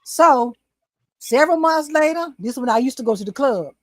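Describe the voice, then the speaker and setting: An older woman tells her story in an animated, storytelling way. Her voice sits a little high, and the recording is dry and close, with no room echo. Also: fairly quick. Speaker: talk show host, guest. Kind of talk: casual chat, storytelling.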